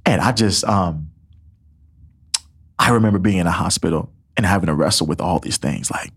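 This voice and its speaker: A man's voice: deep voice, normal speed, breathy edge. A young man telling a personal faith testimony as a podcast guest, earnest and emotional, acting out what others said and often laughing. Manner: earnest storytelling, acts out quotes, laughs often.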